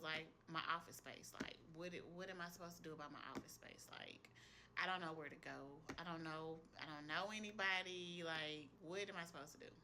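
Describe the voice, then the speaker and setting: A woman's voice: fairly low pitch, sharp tone, a little hiss or hum. A woman, an esthetician, telling viewers a personal faith story in a casual, earnest testimony, speaking straight to them. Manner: earnest, retells what she heard in prayer.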